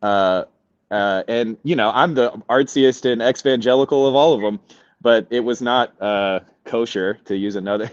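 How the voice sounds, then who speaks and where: A man in casual reflective chat, thoughtful and wry, chuckling as he talks. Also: fairly low pitch. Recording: dull dry call audio.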